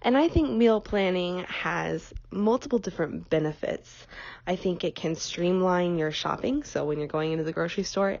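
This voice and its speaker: Soft-spoken young woman, a bit nasal. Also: on the low side, no room sound, muffled recording. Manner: relaxed, frequent ums, conversational. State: slightly nasal from a cold. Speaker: podcast host. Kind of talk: casual solo podcast chat.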